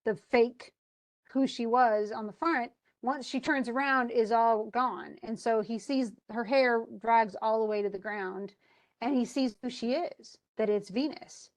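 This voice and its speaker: A woman's voice: fairly high pitch, a little slow. A woman retelling a classical epic to a class in a casual, chatty lecture full of fillers and restarts. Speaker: teacher.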